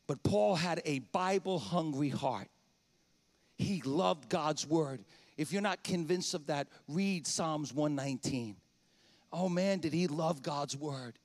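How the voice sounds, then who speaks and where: Male pastor, high-pitched voice, impassioned sermon in church, loud highs and hushed lows. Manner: impassioned, swings from shouting praise to quiet confession. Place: church sanctuary.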